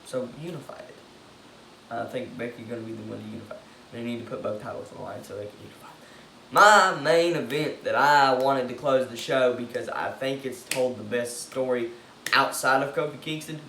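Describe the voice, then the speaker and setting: A man giving an excitable, opinionated monologue, swearing and breaking into loud outbursts. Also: mid-range voice, creaky, a little hiss or hum. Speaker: wrestling commentator giving predictions. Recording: echoey room with faint ambience.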